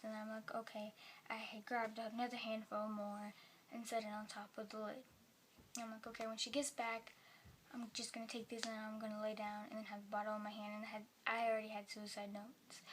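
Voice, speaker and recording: A woman talking in a personal vlog at home, rambling softly and sometimes dropping into a whisper. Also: on the high side, slight background noise. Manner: soft-spoken, rambling, drops into whispers. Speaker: vlogger.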